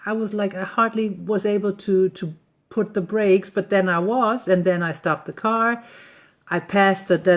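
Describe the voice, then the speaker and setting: A host telling everyday personal stories in a rambling, chatty way, often searching for the right English words. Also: mid-range voice. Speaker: host of a live coffee-and-talk session. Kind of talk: casual personal storytelling. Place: lives on a rural estate in Mallorca.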